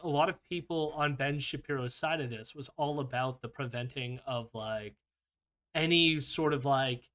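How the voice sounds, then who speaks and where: A man's voice: medium pitch, pushed and bright. Rambling chatty male podcast host. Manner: loose, rambling, peppered with "like" and laughs. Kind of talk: casual chat.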